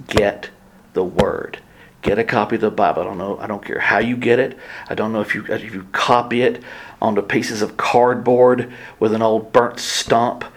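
A man's voice: fairly low pitch, a little hiss or hum. A man preaching a sermon, telling a story with acted-out quotes and sudden drops to near whispers. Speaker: pastor.

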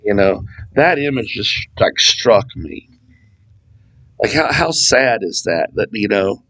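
A man's voice: lowish voice, sing-song, slow, creaky, fairly bright tone, rough recording. A man leading a casual Bible study, talking conversationally with asides and reading scripture passages aloud. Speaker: Bible teacher.

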